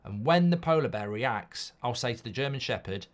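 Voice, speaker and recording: In a mid-range voice at normal speed with few pauses, a man hosts a live football watchalong, chatting casually and reading viewer comments out loud. He rambles animatedly, swears without restraint and riffs on silly hypotheticals.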